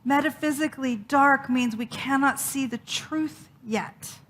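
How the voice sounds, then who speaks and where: A woman minister preaching a sermon in a high, bright voice. She tells the story dramatically, with emphatic repetition and a slow, deliberate pace.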